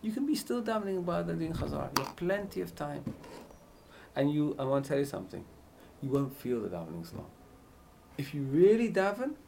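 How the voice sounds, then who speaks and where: A man giving an informal Torah class on prayer, often asking his listeners questions and swinging between loud and hushed speech. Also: a little high, gravelly, a little hiss or hum. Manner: animated, swings from loud chanting to hushed near-whispers. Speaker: Torah teacher.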